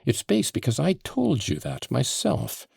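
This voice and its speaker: A man's voice: medium pitch, big pitch swings, measured pace, vocal fry, darkish tone, breathy edge, no echo, clean studio sound, pitched above the performer's own voice, exaggerated voice. A man voicing an agitated, passionate accused man in an audiobook, with heated, emphatic outbursts. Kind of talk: audiobook character voice.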